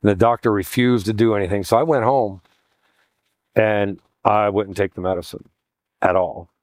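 A man preaching a sermon and telling a humorous story about himself in a conversational, self-deprecating way, putting on lively voices for the people he quotes. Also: on the low side, normal speed, dry recording, clean studio sound. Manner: animated voicing of quoted people. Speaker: pastor.

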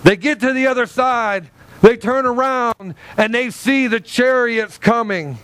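A male pastor preaching a sermon in an animated way, acting out little dialogues with God. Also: extremely high pitch, a little slow, clean tone.

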